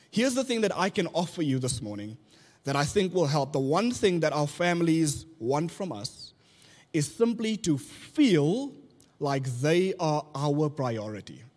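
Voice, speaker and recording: A pastor preaches in a relaxed, conversational way, asking his listeners questions and slipping in jokes. His voice sits high for a man. It rings out with the long reverb of a church hall. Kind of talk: sermon.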